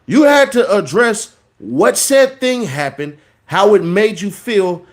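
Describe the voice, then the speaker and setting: A man's voice: high-pitched, big pitch swings, slow pace. Preachy man riffing on a podcast. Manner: preachy, repeats words for emphasis. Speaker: podcast host. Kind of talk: casual commentary monologue.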